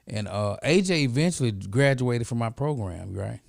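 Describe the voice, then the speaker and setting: Gravelly-voiced middle-aged man telling a story. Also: mid-range voice, normal speed, no room sound, clean studio sound. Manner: animated storyteller, often checks in with "right?". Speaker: podcast guest. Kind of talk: casual storytelling.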